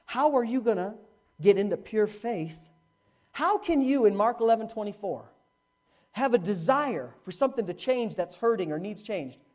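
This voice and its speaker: A middle-aged male pastor preaching a sermon, with dramatic swings from hushed to loud. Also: moderate pace. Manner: animated preaching with dramatic swings in pitch and volume. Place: church, live-streamed.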